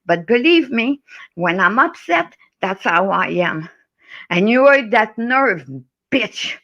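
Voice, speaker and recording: Middle-aged French Canadian woman, fired-up swearing rant, bright tone. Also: on the high side, expressive, slow, highs cut off. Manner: heated, swearing, repeats "okay?". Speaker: guest on a live stream. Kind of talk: angry rant in a live chat.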